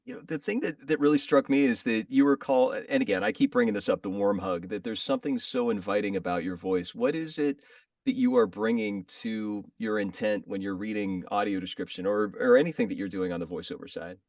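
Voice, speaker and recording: Man, gravelly voice, rambling questions, a bit off-mic, dry room. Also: fairly low pitch, expressive, brisk, a little mellow, no room sound, far from the mic. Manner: meandering, self-correcting, laughs often. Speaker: podcast interviewer. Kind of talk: casual interview questions.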